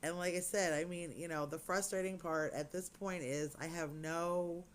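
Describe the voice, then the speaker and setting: A woman's voice: on the low side, fairly even intonation, moderate pace, a little hiss or hum. A woman chatting casually to camera as a crafting vlogger, rambling with lots of "you know"s.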